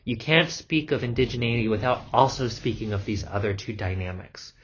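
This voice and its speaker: A man's voice: mid-range voice, animated, a little fast, a bit bright, a little hiss or hum. A man lecturing on anthropology in a loose, casual way, full of ums and the odd swear word. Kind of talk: recorded lecture. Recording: dull lo-fi recording.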